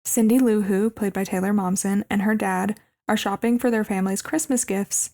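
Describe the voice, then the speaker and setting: Woman cohost going through a movie plot, mid pitch, creaky fry, laid back. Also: normal speed. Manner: relaxed, narrates plot with asides. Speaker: podcast co-host. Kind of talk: casual podcast movie recap.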